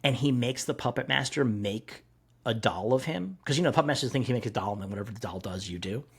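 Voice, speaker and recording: Husky guy on a comics podcast, super animated, swears a lot, does little voices for quotes. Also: medium pitch, fast talker. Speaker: podcast co-host. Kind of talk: casual comic-book discussion.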